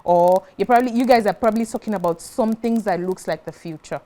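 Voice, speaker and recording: A woman's voice: mid-range voice, fast talker, dark tone. Chatty woman guest retelling stories. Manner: chatty, retells conversations, keeps asking "do you understand". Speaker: talk show guest. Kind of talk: casual panel discussion.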